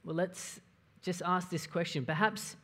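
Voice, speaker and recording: A pastor speaks in a steady, conversational sermon voice. The delivery reasons things through and keeps checking in with the listeners through questions. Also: mid-range voice, unhurried. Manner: conversational, asks the audience questions.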